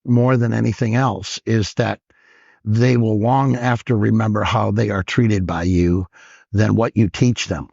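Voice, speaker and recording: A man in his sixties, a comedian, telling lively stories on a podcast and acting out the lines of other people. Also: fairly low pitch, unhurried, gravelly, husky, no echo. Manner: animated storyteller who acts out other people's lines. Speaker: guest comedian. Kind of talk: storytelling interview. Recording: dull lo-fi podcast audio.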